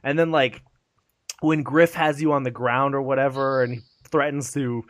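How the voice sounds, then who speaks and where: A man co-hosting a casual gaming podcast, animated and profane, acting out game scenes in quick put-on voices. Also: medium pitch, no room sound, clean studio sound. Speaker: podcast co-host.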